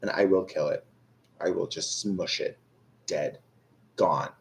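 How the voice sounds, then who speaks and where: A man's voice: sits low, fairly even intonation, slow, vocal fry. A young man chatting casually with viewers on a live stream, rambling and self-deprecating, full of fillers and restarts. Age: young adult. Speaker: tarot reader on a live stream.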